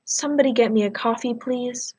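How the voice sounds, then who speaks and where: A teacher reading aloud as a gentle, weary doctor. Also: female voice, a little high, fairly quick, slightly rough. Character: kind tired female doctor, gentle.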